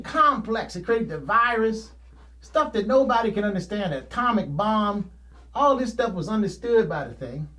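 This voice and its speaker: Man host, high voice, folksy plain talk, rambling, laughs easily. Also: fairly bright tone. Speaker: painter hosting his own show. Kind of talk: casual rambling monologue.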